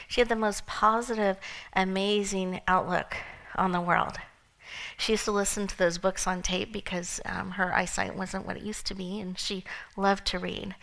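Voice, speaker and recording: An earnest woman hosting an event, telling a heartfelt personal story. Her mid-range voice turns quiet and close to a whisper in the tender moments. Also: medium pitch, low-quality recording. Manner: earnest, emotional, softening to near-whispers. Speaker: event host and speaker.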